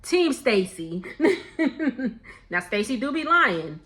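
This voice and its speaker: A young woman vlogger recaps reality TV in a casual gossip chat, laughing often and quoting people in playful voices. Her voice sits high and is sing-song, extremely slow and fairly bright.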